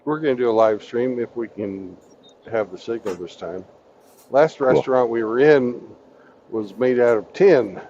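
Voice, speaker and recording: A man's voice: medium pitch, normal speed, mellow, muffled recording, a little hiss or hum. A man chatting casually with a friend, swearing and joking as he talks. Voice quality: coarse, profane, joking. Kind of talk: casual chat on a live stream.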